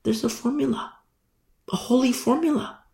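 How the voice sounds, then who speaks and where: A man's voice: very high voice, moderate pace, gravelly, a little mellow. A male pastor preaching a sermon, emphatic and full of rhetorical questions. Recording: roomy echo.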